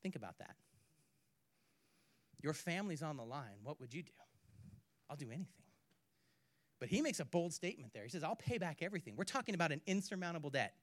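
A man with a fairly high voice preaches in a dry, close-miked sound. He swings from hushed, intimate lines to loud, energetic bursts and back. He throws in playful asides between points. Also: quick pace, no room sound. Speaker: pastor. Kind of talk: sermon.

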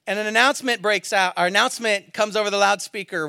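Bright-voiced man preaching a sermon. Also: high-pitched, quick pace, vocal fry, hardly any pauses, smooth, no echo. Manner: storytelling, swings from loud exclamations to hushed near-whispers. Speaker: pastor. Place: church service.

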